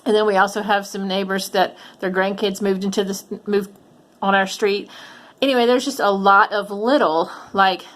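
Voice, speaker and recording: A chatty middle-aged woman tells a story straight to her viewers and keeps breaking off into ums and restarts. Her voice sits at an ordinary pitch for a woman, and she gets more animated as the story builds. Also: normal speed. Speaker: reseller vlogger. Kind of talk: casual storytelling vlog.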